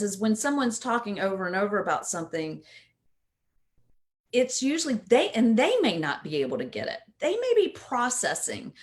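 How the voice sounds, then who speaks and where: A woman coach giving a casual instructional talk in a conversational way, often checking in with "right?". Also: fairly high pitch.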